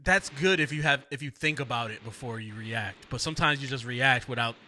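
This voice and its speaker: A man's voice: mid-range voice, fairly quick, a little hiss or hum. A man co-hosting a podcast in casual chat, acting out both sides of his stories and laughing often. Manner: animated storyteller, laughs a lot, acts out both sides. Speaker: podcast co-host.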